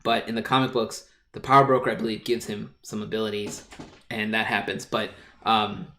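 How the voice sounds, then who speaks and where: A man hosting a casual podcast chat, excitable and rambling, full of fillers and quick asides. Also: fairly low pitch.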